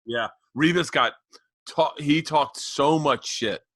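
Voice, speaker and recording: A man's voice: a little high, slow, a bit bright, no room sound. A man co-hosting a casual podcast chat, rambling through stories with chuckles. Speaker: podcast co-host.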